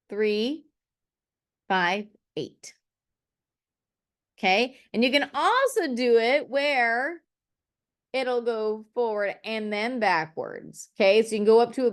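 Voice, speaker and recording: A middle-aged woman leads a poetry lesson at an unhurried pace, her voice sitting fairly high. She encourages her listeners and thinks aloud while writing, with frequent check-ins of "okay.". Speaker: teacher. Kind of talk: classroom-style poetry lesson.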